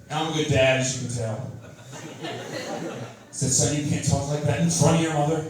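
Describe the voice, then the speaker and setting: Male stand-up comic, crude and sardonic, slightly high voice, heard from a distance in a very echoey club with a laughing crowd. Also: fast, pauses often, noisy background. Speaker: stand-up comedian. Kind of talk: stand-up comedy set. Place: comedy club stage. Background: audience laughter.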